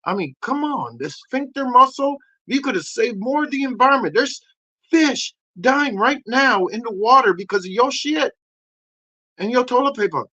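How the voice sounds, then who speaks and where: A man voicing a crude, brash male dog who rants and shouts in a comedy podcast bit. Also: extremely high pitch, expressive, normal speed, full character voice. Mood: wondering.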